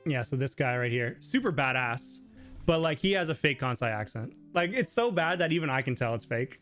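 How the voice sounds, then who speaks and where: A livestream host runs a live Q&A, his voice a bit higher than most men's, animated, brisk, and a bit bright. He rambles chattily with plenty of fillers, now and then leaping up high to imitate someone. Faint music plays in the background.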